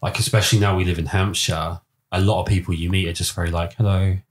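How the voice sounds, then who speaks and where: A young man with a southern English accent hosts a relaxed podcast chat. His voice is very low. He tells stories with energy, slipping into other people's voices and laughing often. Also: quick pace. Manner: animated storyteller, acts out voices, laughs often. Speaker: podcast host.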